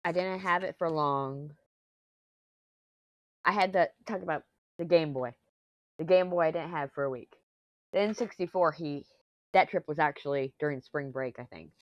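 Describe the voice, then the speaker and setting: Low-voiced woman rambling on, dull lapel sound. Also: no echo. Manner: rambling, self-deprecating, quick to laugh. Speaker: diamond painting vlogger. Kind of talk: casual rambling chat while crafting. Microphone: lapel mic clipped to t-shirt.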